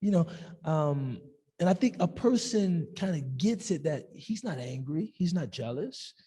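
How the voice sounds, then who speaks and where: A man teaching a discussion class in a lively, joking way, often acting out the people he quotes. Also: fairly high pitch, a little slow, slightly rough. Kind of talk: discussion-based class talk. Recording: long hall reverb.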